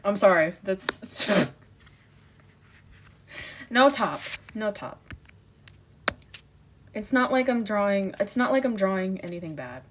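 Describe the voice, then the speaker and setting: A woman's voice: mid-range voice, expressive, takes it slowly, pauses often, noisy background. A young woman streaming from her bedroom, chatting casually to her viewers while she draws, giggling and easily flustered. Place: bedroom at home.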